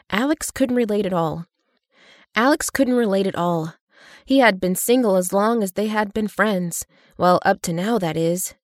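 A woman narrating an audiobook in an even, steady storytelling manner. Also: medium pitch, no room sound, studio quality.

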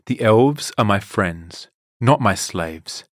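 A man's voice: fairly low pitch, flat delivery, moderate pace, dry recording, studio quality, natural voice. A man reading a storybook, voicing a young elf heroine who sounds weary and then defiant. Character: brave young elf queen, thirsty and defiant.

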